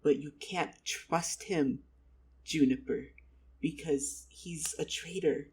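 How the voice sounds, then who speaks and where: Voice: mid-range voice, slow, darkish tone, husky. A storyteller voicing a brash, foul-mouthed young goblin heiress who was exiled, talking with cocky swearing. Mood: conspiratorial.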